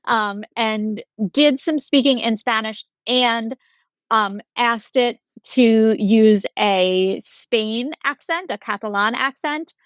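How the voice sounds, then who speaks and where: A woman co-hosting a podcast in casual chat, explaining news in a relaxed way. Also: fairly high pitch, slow pace, no room sound. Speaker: podcast co-host.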